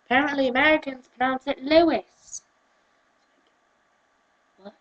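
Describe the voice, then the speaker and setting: A young woman from the UK, ranting on camera in an exasperated, animated way. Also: fairly high pitch, normal speed, lo-fi sound. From United Kingdom. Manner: exasperated, animated, switches into mocking quoted voices. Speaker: vlogger. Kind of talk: casual ranting vlog.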